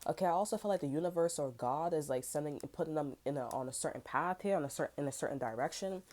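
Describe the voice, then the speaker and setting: A woman's voice: low-pitched, fast, a little mellow, a little hiss or hum. A young woman giving a rambling, casual tarot reading, frank and full of fillers. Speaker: tarot reader.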